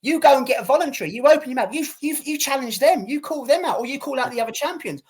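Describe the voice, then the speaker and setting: A man's voice: extremely high pitch, animated, fast talker. A man co-hosting a casual boxing podcast, ranting and swearing with lots of repetition. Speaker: podcast co-host.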